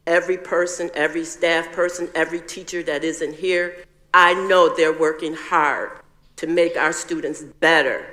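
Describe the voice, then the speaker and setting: A man's voice: fairly high pitch, fairly bright tone, long reverb tail. An older man on a school board, speaking plainly and sincerely to the audience at a public meeting.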